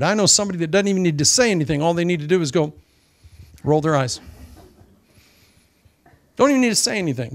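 A man preaching with real animation, slipping into little voices to act out mockers. His voice sits a touch high for a man. The sound is close and dry, with no room around it. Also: no echo. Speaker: pastor. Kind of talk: sermon.

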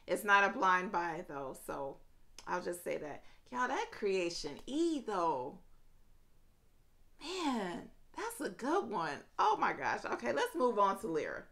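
A woman vlogging a casual fragrance review late at night, gushing with drawn-out exclamations and chatting to viewers as y'all. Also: on the low side, fairly bright tone.

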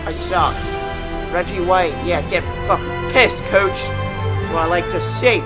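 A man giving profane let's-play commentary, reacting loudly to gameplay. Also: high-pitched, unhurried. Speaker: gaming YouTuber. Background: music playing.

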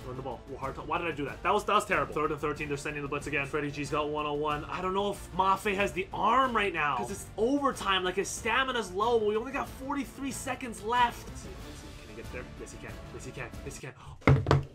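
A man giving casual commentary over his football video game, excitable, swinging from low muttering to yelling at the game. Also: fast, music in the background. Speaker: gameplay commentator.

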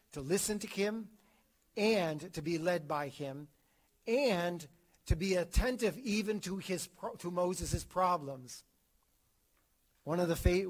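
A man teaching a theology class, talking in an animated way, acting out quotes and often repeating and restarting words. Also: sits high. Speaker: catechism teacher.

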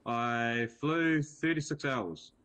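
A man doing a slow, deadpan traveler. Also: medium pitch, clean tone. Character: deadpan male islander traveler. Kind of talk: in-character roleplay chat.

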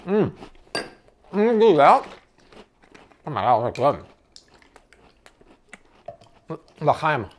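Upbeat guy gushing over grocery finds, voice bouncing all over, kinda high. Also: extremely slow, pauses often, slight background noise. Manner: excitable, exclaiming, tasting on camera. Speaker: food vlogger. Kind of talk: enthusiastic grocery haul review.

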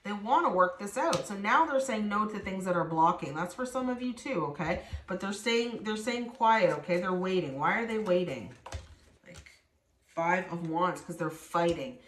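A woman's voice: medium pitch, animated, normal speed, a bit bright, slight background noise. A woman giving a spoken tarot reading to her viewers, addressing them directly and acting out the voices she quotes. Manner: acts out quoted voices, talks straight to viewers. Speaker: tarot reader. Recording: echoey room.

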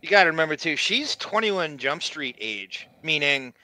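Bright rambling male podcast host. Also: fairly high pitch, lively intonation, normal speed, dry recording, low-quality recording. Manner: rambling, swears freely, talks over guests. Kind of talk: casual chat.

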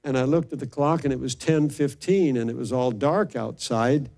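A man's voice: mid-range voice, moderate pace, vocal fry, darkish tone. An older man, a pastor, telling stories in an earnest, emotional sermon and often restarting his sentences. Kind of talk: sermon storytelling.

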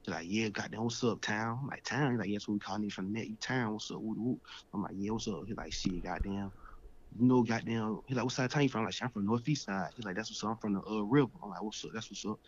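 A man's voice: on the low side, fast talker. A young man in his twenties, a guest in an interview, telling his story in slangy, streetwise casual talk. The recording sounds dull and lo-fi.

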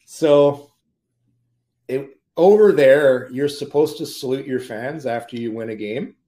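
A man, a former pro hockey player, telling lively anecdotes as a podcast guest and often laughing mid-story. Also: mid-range voice, a little slow. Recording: roomy echo.

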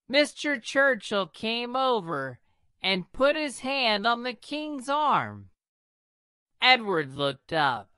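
Very slow, deliberate woman narrator. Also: a little high, big pitch swings, pushed and bright, clean tone, no echo, clean studio sound. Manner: slow, deliberate, careful reading. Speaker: story narrator. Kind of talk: scripted narration of a graded reader.

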